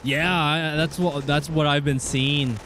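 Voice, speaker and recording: This British Columbian Canadian gamer speaks in a higher-than-average voice with fairly even intonation, taking his time. He chats casually and warmly during his stream, thanking viewers by name and restarting words, over game music and gunfire.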